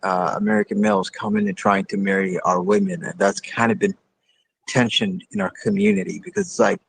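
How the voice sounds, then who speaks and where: A man from Ethiopia calling in to a livestream, talking in a halting, hesitant way. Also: fairly low pitch, very animated, creaky, slight background noise, poor audio. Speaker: caller. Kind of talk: call-in argument.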